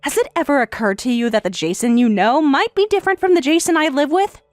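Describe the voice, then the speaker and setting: A woman's voice: high voice, fast talker, no echo, studio quality, faint music behind, natural voice. A synthetic woman's voice reading a tired young wife who answers back firmly and pointedly. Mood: defiant. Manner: firm, pointed replies. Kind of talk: text-to-speech story reading.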